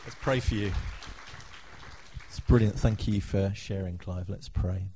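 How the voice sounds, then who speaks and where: A man's voice: deep voice, steady tone, a little slow, vocal fry, crowd noise, background noise. A man hosting a church gathering, encouraging the speaker and leading the group in prayer. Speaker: church meeting host.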